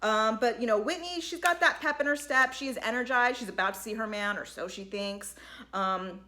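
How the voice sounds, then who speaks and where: Woman, high pitch, chatty vlog recapper; loose filler-heavy delivery, acts out the quotes. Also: normal speed, bright, forceful tone. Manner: chatty, lots of "like" and "you know", acts out quotes. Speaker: recap vlogger. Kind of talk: casual recap commentary.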